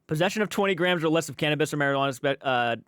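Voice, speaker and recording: A man's voice: fairly high pitch, expressive, racing, a bit bright, clear, resonant tone, no echo, clean studio sound. A man giving casual, blunt reaction commentary, exasperated and swearing freely.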